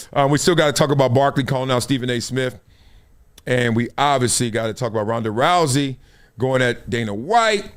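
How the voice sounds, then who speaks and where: A man's voice: medium pitch, fairly bright tone. A man hosting a live sports show, talking in a casual, slangy, joking way and laughing often. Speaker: host.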